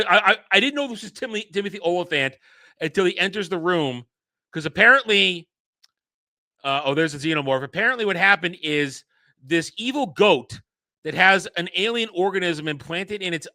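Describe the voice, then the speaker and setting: A man's voice: high-pitched, lively intonation, a little fast, sharp tone, dry recording. A man reviewing a TV episode in casual commentary, ranting with exasperated sarcasm. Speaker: show reviewer.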